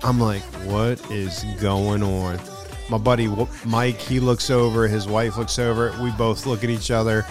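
Middle-aged male podcast host; casual, excitable storyteller with slangy delivery, mid-range voice. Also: mid-range voice, normal speed, few pauses, over music. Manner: excited, slangy, keeps saying "dude".

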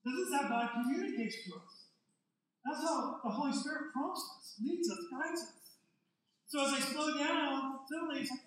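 A man's voice: extremely high pitch, normal speed, fairly bright tone. An older man, a pastor, giving a conversational, joking sermon and drawing his congregation in. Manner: joking, chatty, draws in the congregation. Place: church sanctuary. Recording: very echoey hall, mic at a distance.

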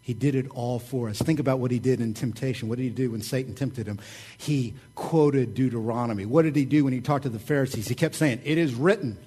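A middle-aged man preaching a sermon, telling stories in a casual, joking and animated way. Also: medium pitch, fairly quick, breathy edge. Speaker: pastor.

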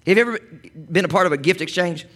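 A man's voice: high voice, racing, fairly bright tone. A man preaching a sermon as pastor, chatty and conversational, with asides to the congregation.

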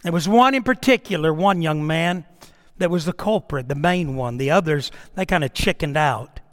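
A man's voice: fairly high pitch, animated, moderate pace, long reverb tail. A middle-aged man, a pastor telling a story in a sermon with emphatic, dramatic delivery.

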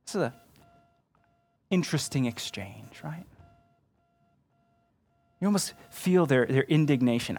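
A man's voice: mid-range voice, lively intonation, a little slow, creaky, long pauses, a little mellow, faint music behind. Earnest male pastor preaching, conversational. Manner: earnest and conversational, often asks the listener "right?". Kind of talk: sermon.

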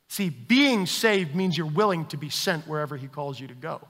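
A man's voice: on the high side, lively intonation, normal speed, few pauses, fairly bright tone. Impassioned preacher man in a reverberant hall. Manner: impassioned preaching, rising and dropping intensity. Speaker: pastor. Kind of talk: sermon.

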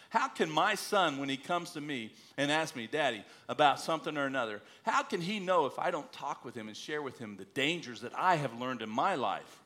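A middle-aged male preacher with a bright, forceful voice tells a story from his own life in an earnest way. He builds to emphatic exhortation, urging his listeners to pray. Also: mid-range voice, big pitch swings, normal speed, few pauses. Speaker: missionary preacher. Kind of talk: sermon with personal story.

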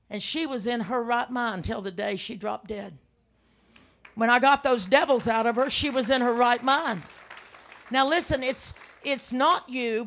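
An older woman minister preaching a sermon with personal testimony, telling stories dramatically and breaking into sudden loud outbursts. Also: a little high.

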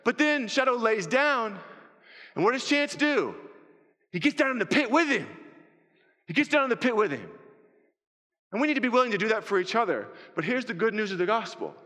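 Animated male pastor in a reverberant hall. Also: high voice, fairly quick, long pauses. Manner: animated storytelling, acting out movie scenes with pleading shouts. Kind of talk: sermon.

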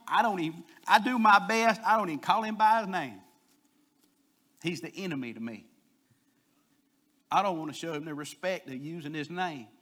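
A man delivers a sermon in a folksy, storytelling manner. His voice sits a little high and rings bright and forceful. He swells louder whenever he drives a point home. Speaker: preacher.

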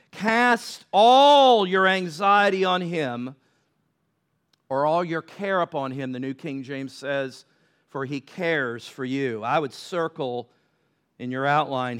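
Man, pastor, sermon, smooth resonant voice, conversational then impassioned. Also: on the high side, a bit bright. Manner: conversational preacher, builds to impassioned pleas.

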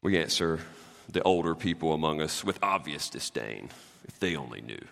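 A man preaching a sermon as a pastor, animated and swinging between loud and hushed, with jokey asides. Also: rumbling low, normal speed, gravelly, in a large hall.

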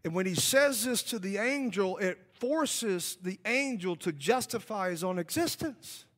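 High, fervent preacher in a reverberant hall. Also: male voice, lively intonation, unhurried, a bit bright. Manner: fervent, emphatic, repetitive. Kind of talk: revival sermon. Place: church sanctuary.

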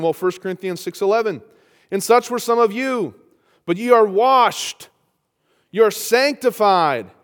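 A man's voice: high voice, clean tone. A man preaching a sermon, reading scripture aloud and rising to emphatic peaks. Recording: long hall reverb.

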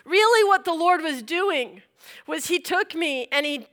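Bright high-voiced woman telling a testimony. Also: measured pace. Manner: animated storytelling, acts out scenes. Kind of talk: testimony sermon.

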